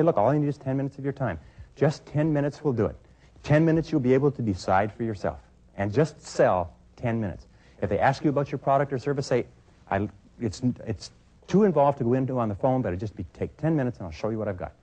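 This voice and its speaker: A man's voice: medium pitch, expressive, quick pace, dark tone. A middle-aged man giving a sales training talk, coaching emphatically and acting out both sides of phone calls.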